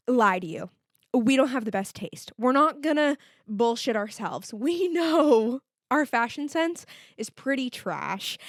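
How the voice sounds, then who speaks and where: A woman's voice: high-pitched, no echo. Solo podcast host, woman in her twenties, swears freely, rambling casual delivery, dry close mic. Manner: chatty, candid, lots of fillers and swearing. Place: home.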